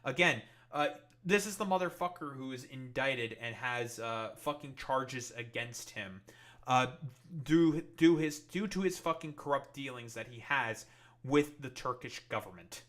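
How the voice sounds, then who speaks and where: A man's voice: medium pitch, lively intonation, unhurried, fairly bright tone. A man streaming political commentary, ranting angrily with heavy swearing and many fillers. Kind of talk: profane livestream commentary.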